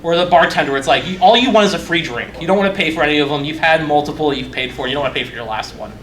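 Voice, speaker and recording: A young man with a fairly high voice gives a loose, profane conference talk. He jokes at his own expense, and his voice rings around a roomy, echoey hall. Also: racing, a bit bright, slight background noise. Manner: loose, profane, joking, self-mocking. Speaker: conference speaker.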